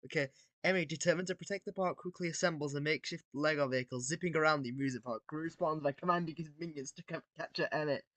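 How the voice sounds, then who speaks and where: A man with a bright, forward voice, recorded close and dry, reads battle text out loud. He delivers it casually, drops asides and the odd swear between sentences. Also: a little high, quick pace, no echo. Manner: casual, swears and laughs between read lines. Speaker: video creator. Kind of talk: reading out and reacting to AI-written battles.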